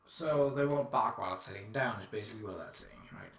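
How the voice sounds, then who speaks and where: A man's voice: on the low side, brisk, creaky, reverberant, recorded from a distance. A man streaming live, casually reading out descriptions and musing aloud with lots of fillers.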